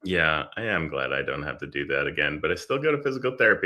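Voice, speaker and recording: Deep bright-toned man. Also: quick pace, dull audio. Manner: relaxed listener, says mm-hmm a lot. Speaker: morning show co-host. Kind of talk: casual chat.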